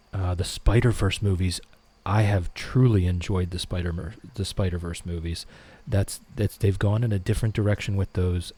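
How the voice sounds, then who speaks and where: A middle-aged man hosts a laid-back live stream, reading out comments and answering each one. His voice sits low, with a mellow, slightly husky tone. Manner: relaxed, reads chat aloud and answers it.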